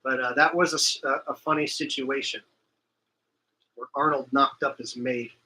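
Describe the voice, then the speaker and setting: A man's voice: mid-range voice, fairly even intonation, normal speed, bright, forceful tone, rough recording. A man hosting a livestream, chatting loosely and reading out comments from viewers. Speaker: livestream host.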